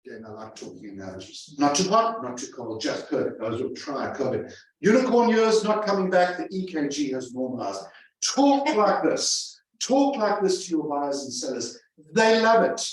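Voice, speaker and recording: A man presenting a seminar to real estate agents, punching his points and repeating key phrases. His voice sits a little high for a man and carries a strong room echo, picked up from a distance. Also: sing-song, normal speed. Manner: emphatic, repeats phrases for effect. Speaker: real estate sales trainer. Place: large room with a live audience.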